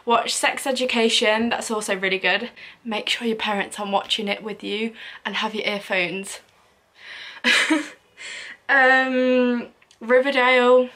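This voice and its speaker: A woman's voice: fairly high pitch, a bit bright. Young female vlogger, casual Q&A chat, chatty and giggly. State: out of breath. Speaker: YouTuber. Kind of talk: casual Q&A vlog.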